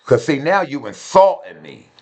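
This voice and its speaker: A man in his fifties telling a personal story in a loud, emphatic, repetitive way. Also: on the high side, very animated, normal speed. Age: 50s.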